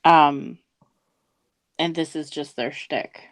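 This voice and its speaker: A woman co-hosting a podcast in measured, giggly casual chat. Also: low-pitched, no room sound. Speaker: podcast co-host.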